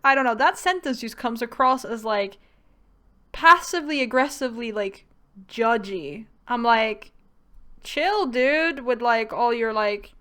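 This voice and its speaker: A woman's voice: fairly high pitch, measured pace, fairly bright tone. A woman giving casual game commentary, chatty, full of "like" fillers, reading on-screen text aloud. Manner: chatty, many "like" fillers, reads dialogue aloud. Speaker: game streamer.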